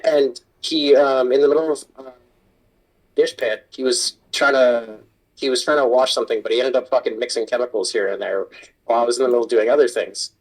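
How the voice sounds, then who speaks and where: A man's voice: medium pitch, steady tone, fairly quick, low-quality recording. A man, a kitchen supervisor, telling a work story in casual chat and swearing a lot. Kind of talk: casual chat while gaming.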